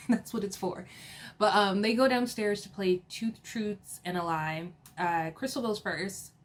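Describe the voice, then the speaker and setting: A woman's voice: medium pitch, a little slow. Chatty woman giggling through a TV recap. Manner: chatty, laughing, full of fillers and asides. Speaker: reality TV recap host. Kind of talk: casual episode recap.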